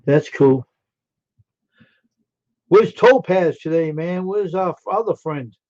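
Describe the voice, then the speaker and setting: A man chats on his live stream, reading and answering viewers' messages in an easygoing, slightly weary way. His voice sits a bit high yet sounds mellow and soft-edged. The audio is dull and lo-fi, like a basic streaming mic. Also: slow pace. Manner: chatty, answering chat messages aloud. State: tired, yawning.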